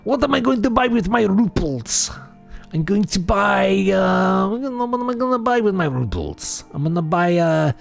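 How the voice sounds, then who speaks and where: A man's voice: high-pitched, unhurried, gravelly, faint music behind, pitched above the performer's own voice, full character voice. A man putting on a giddy Soviet braggart. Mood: giddy boasting. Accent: put-on Russian. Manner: broken grammar, excited rambling. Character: boastful Soviet man dreaming of rubles.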